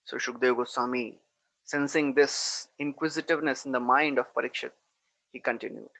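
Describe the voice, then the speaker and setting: A man's voice: mid-range voice, fairly even intonation, moderate pace, vocal fry, a bit bright, no room sound, rough recording. Man giving a storytelling scripture lecture. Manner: storytelling with frequent 'you know', reciting Sanskrit verse. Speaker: preacher.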